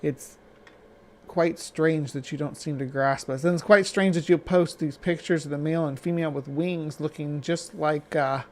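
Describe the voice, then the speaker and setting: A man hosting a reaction stream, talking back at a video with skeptical, halting commentary full of restarts. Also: fairly high pitch, steady tone. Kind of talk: casual commentary.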